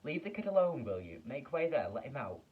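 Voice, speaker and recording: A man voicing a fat, well-fed male shopkeeper who is excitable and kindly, with loud, excited yelling in a storybook reading. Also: fairly low pitch, fast, breathy edge, distant mic, narrow, tinny audio. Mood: firm.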